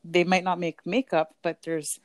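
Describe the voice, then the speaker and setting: A woman's voice: fairly low pitch, level tone, measured pace, no room sound. A woman who works in skincare, speaking thoughtfully in a casual conversation and building on the points already made. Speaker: co-host working in skincare.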